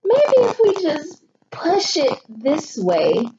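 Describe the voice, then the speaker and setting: A woman doing a sweet, high coaxing storybook mom. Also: wildly swooping pitch, slow, heavily acted. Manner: sweet, pleading, sing-song. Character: gentle coaxing mother in a storybook. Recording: dull lo-fi audio with noticeable noise.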